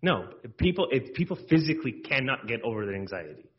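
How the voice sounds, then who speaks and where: A man's voice: medium pitch, very animated, quick pace, dull audio. A man in a group session speaking earnestly and at length, full of fillers and restarts. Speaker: group participant. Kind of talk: group discussion.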